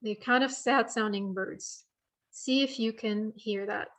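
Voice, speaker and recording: A woman's voice: fairly high pitch, steady tone, measured pace, background noise. A young woman presenting an online bird identification workshop, explaining in a friendly way with frequent fillers, over a computer mic on a video call.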